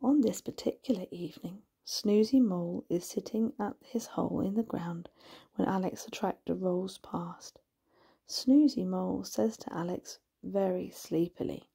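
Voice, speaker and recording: A woman narrates a hypnotic bedtime story in a hushed voice that often drops into a whisper. Her tone is very dark and husky, with a gravelly edge. She lingers on every word at a very slow pace. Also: fairly low pitch.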